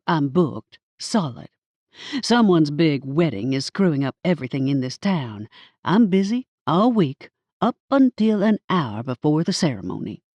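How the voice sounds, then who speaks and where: A spiteful, gum-chewing hairdresser witch, voiced by a woman reading an audiobook, snaps her words back in a defensive, grudging tone. Her lines swing up and down with lively emphasis. The sound is dry and close. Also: low voice, unhurried, no room sound, heavily acted. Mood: snippy. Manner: snippy and defensive. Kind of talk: audiobook character voice.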